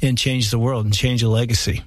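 A man hosting a radio talk show, emphatic and warm, slowing down to stress his words. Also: mid-range voice, fairly even intonation, dry recording, studio quality. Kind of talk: talk show host chat and sign-off.

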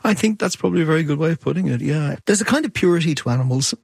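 Man, middle pitch, husky, reflective, dry close sound. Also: expressive, very fast, dry recording. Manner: reflective, musing. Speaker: author. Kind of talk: thoughtful interview answers and book reading.

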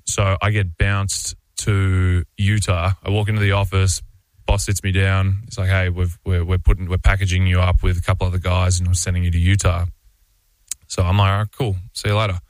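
Australian male athlete as radio guest, deep monotone, dry studio sound, rambling yarn. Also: brisk, no room sound. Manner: rambling, loose, with frequent "like" and restarts. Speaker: professional basketball player, radio guest. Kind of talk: casual storytelling anecdote.

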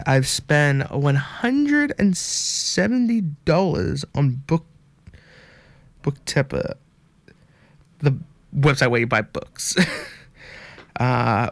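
A man's voice: medium pitch, fairly bright tone, no echo. A man hosting a casual show, rambling with lots of fillers and unsure asides. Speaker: host.

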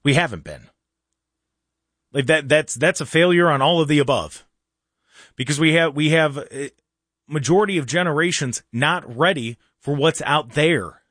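A man hosting a casual talk show, ranting in an animated way and often restarting or repeating words. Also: fairly high pitch, normal speed, pauses often, no echo, studio quality. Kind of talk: casual opinionated chat.

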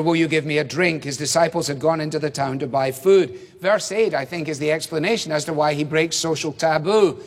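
A man preaching a sermon, explaining a passage slowly and emphatically, with rhetorical questions. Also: fairly high pitch, in a large hall.

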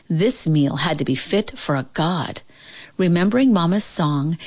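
A woman reading a children's storybook aloud in an expressive, measured way. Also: fairly low pitch, vocal fry, slightly rough. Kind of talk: storybook read-aloud narration.

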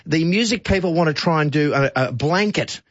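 Husky Australian man, chatty radio host. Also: on the high side, expressive, brisk, no echo, dull audio. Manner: chatty, enthusiastic, stumbling restarts. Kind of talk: casual talk radio chat. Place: radio studio.

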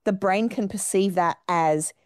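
A woman guest in an interview, explaining her ideas in long, flowing, expressive sentences. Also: mid-range voice, unhurried, no room sound, clean studio sound. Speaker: guest musician. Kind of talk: radio interview.

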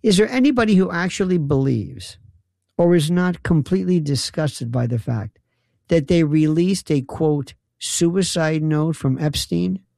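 A man's voice: on the high side, unhurried, vocal fry, warm tone, no echo, studio quality. A man hosting a late-night call-in radio show, talking in a wry, rambling, sarcastic way. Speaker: radio talk show host.

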